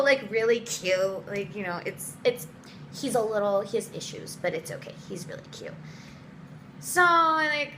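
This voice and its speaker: Young woman vlogger, storytime. Animated delivery, big pitch jumps, crude words, audible background noise. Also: moderate pace, poor audio. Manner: animated, swearing, quotes people in voices, dramatic pitch jumps. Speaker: vlogger telling a personal story. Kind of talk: casual storytime.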